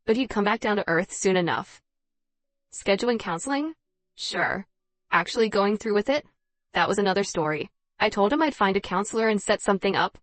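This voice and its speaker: A woman's voice: mid-range voice, no room sound. Woman reading a first-person drama story.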